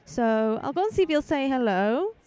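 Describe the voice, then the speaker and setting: A high-voiced woman hosts a live podcast while strolling between outdoor stalls. She talks into a handheld mic in a chatty, rambling way and keeps throwing in friendly asides. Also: big pitch swings, normal speed, mellow, clean tone. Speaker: podcast host. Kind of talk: casual live walkabout podcast. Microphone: handheld microphone.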